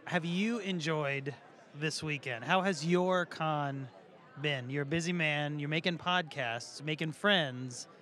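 Teasing, higher-voiced male cast member. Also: takes it slowly, sharp tone. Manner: teasing, playful, asks questions back. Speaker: show cast member and guest. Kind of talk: playful casual interview chat. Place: outdoors at a fan convention.

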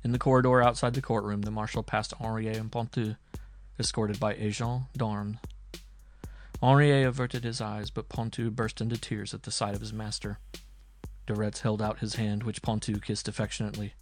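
A man narrating an audiobook in a deliberate, dramatic storytelling manner. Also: fairly low pitch, little pitch movement, faint music behind. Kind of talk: audiobook reading.

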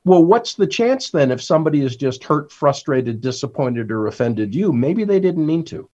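A man's voice: a little high, very animated, normal speed, mellow, lo-fi sound. A man, an author and workplace trainer, talking as a podcast guest who acts out the lines he quotes.

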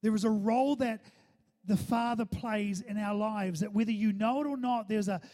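A male pastor delivers a sermon with a high, mellow voice. He keeps checking in with his listeners and doubles back on words as he talks. The sound carries a long hall reverb. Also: fairly even intonation, normal speed. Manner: calls for audience response, repeats words.

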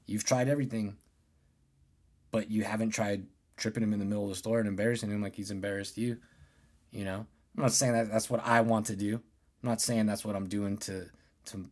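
Rambling, profane man ranting solo. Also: lowish voice. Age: 30s. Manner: profane, rambling, restarts often. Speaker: podcast host. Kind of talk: casual solo podcast rant.

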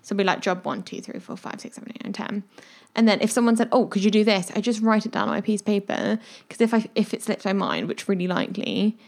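A woman's voice: medium pitch, fast, few pauses. A woman junior doctor in casual podcast chat, telling stories and acting out what people said. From United Kingdom. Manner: chatty storyteller, acts out quoted lines.

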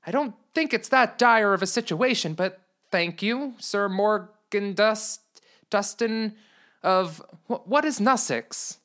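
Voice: medium pitch, animated, takes it slowly, fairly bright tone, pitched above the performer's own voice. A storyteller voicing a puzzled, practical young woman in a comedy storybook, speaking dryly and patiently and asking pointed questions. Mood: bemused. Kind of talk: storybook reading.

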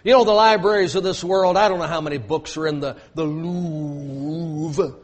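A man's voice: sits high, quick pace. A man preaching a sermon, emphatic and repetitive, with joking asides to his congregation.

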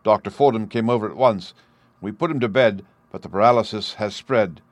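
A man's voice: lowish voice, brisk, no echo, close to an everyday voice. A man voicing a troubled young man who tells of his family's trouble earnestly. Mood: distressed.

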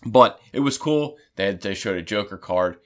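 A man co-hosting a casual chat, rambling and restarting often as an excited fan. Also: on the low side, moderate pace. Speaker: podcast co-host.

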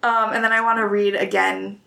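A woman's voice: medium pitch, flat delivery, a little fast, creaky, pushed and bright. A woman casually retelling a book chapter for a podcast, chatty with many fillers. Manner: chatty, many ums and likes. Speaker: podcast host summarizing a book.

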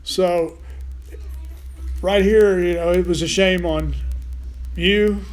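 A man's voice: high-pitched, steady tone, slow pace. A man preaching a sermon as pastor, folksy and joking, with frequent restarts and asides.

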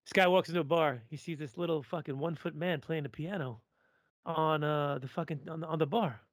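A man's voice: a little high, brisk, no echo. A man co-hosting a casual podcast, blunt and crude, swearing freely. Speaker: podcast co-host.

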